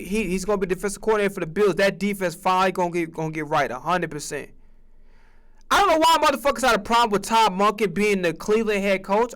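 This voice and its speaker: A man with a fairly high voice rants about football in a loose, profane way. He jumps into acted-out conversations with different voices, swearing freely and talking with lots of energy. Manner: animated, profane, acts out imagined conversations. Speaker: sports streamer. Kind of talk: profane casual sports rant.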